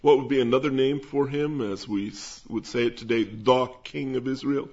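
A man preaching, teaching verse by verse through a Bible passage at an unhurried pace. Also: mid-range voice, a little mellow. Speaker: pastor. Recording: dull lo-fi sound.

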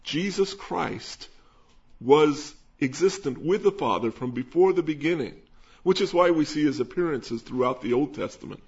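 A man's voice: fairly high pitch, lively intonation, normal speed, darkish tone. Man teaching scripture, muffled lo-fi sound. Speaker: pastor. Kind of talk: expository Bible teaching. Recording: dull lo-fi sound.

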